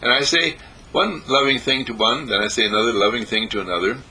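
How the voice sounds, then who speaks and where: A man giving a spiritual meditation talk, gentle and repetitive, with sing-song emphasis. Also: mid-range voice, fast, a little hiss or hum, rough recording. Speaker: spiritual teacher. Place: monastery breakfast table.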